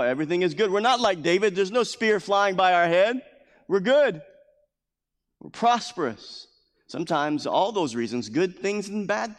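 Male pastor, slightly high-pitched, repeats phrases for emphasis, recorded in a reverberant sanctuary. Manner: acts out scripture quotes in a raised voice. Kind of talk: sermon. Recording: long hall reverb.

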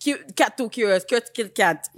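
A woman's voice: a little high, normal speed. A woman co-hosting a podcast, chatting casually and acting out the people in her stories. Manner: animated storytelling, acts out quoted exchanges. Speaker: podcast co-host. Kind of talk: casual chat.

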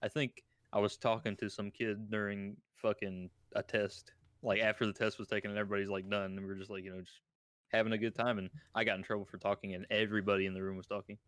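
A man chatting casually among friends, laid-back and mildly amused. His voice sits lower, with a bright, forceful edge. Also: level tone, fast, no echo, studio quality. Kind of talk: casual chat.

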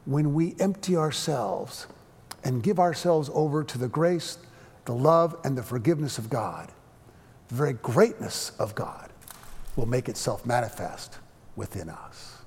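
Earnest preacher in a reverberant hall. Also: male voice, mid-range voice, lively intonation, a little mellow, slightly rough. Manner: earnest, halting with frequent restarts. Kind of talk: sermon storytelling.

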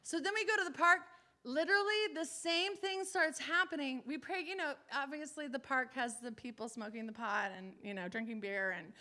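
A woman preacher telling a testimony in a sermon, animated, acting out the people she quotes. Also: high-pitched, normal speed.

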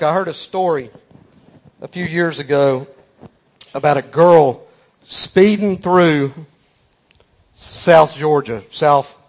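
A man preaching a sermon, telling a folksy story with emphatic repeated phrases. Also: on the high side.

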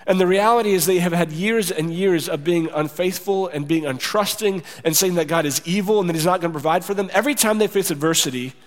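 A man's voice: sits high, fast, few pauses. A man preaching a sermon in a conversational way, acting out the voices he quotes. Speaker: pastor. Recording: long reverb of a large hall.

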